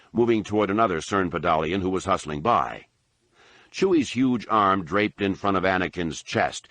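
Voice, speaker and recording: A man's voice: deep voice, a bit bright, no echo. A man narrating a novel audiobook expressively and doing voices for each character.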